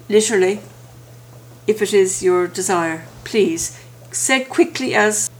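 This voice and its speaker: A woman teaching a language lesson, saying each phrase and then its translation with slow, careful pronunciation. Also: medium pitch. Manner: slow, careful enunciation with pauses between phrases.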